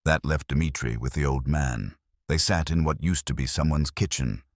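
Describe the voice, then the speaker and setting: Deep deep male voice reading a war story, slow and solemn, dry close sound. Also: dry recording. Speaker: narrator. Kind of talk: scripted story narration.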